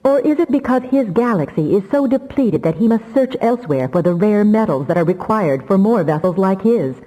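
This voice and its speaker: A woman's voice: mid-range voice, lively intonation, a little fast, dark tone, long reverb tail, pitched above the performer's own voice, natural voice, low-quality recording. A woman voicing a grim, implacable male telepath mind, insistent and urgent.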